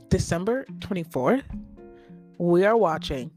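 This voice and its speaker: A woman's voice: lowish voice, expressive, normal speed, faint music behind. A woman hosting a solo podcast, chatting casually and gushing, with many "like" fillers. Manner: chatty and gushing, heavy use of "like". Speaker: podcast host.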